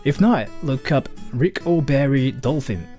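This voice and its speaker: A young Japanese man talks casually on a stream with a Japanese accent, his pitch leaping up and down as he answers viewers. His voice is of middle height for a man, and soft guitar music plays faintly behind him. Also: unhurried. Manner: animated, peppers speech with "freaking", acts out imagined exchanges. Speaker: streamer answering donation questions. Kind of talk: casual live-stream chat.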